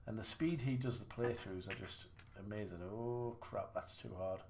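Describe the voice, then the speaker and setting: A man's voice: fairly low pitch, moderate pace, gravelly, a little mellow, a little hiss or hum. A man livestreaming a snooker game, chatting casually and mocking his own play with rambling restarts. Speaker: gaming livestreamer. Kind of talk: casual live commentary while playing.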